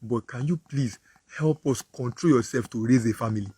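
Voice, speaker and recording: A man's voice: mid-range voice, a little fast, mellow, husky, dry recording. Nigerian preacher man telling stories. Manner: repetitive, vivid storyteller. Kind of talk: moral talk with storytelling.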